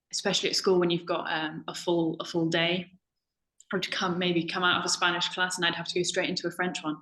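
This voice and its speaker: A woman's voice: on the low side, pushed and bright, roomy sound, low-quality recording. A young woman from the United Kingdom, a language assistant, chatting casually on a video call with many ums and self-corrections. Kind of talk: casual webinar chat.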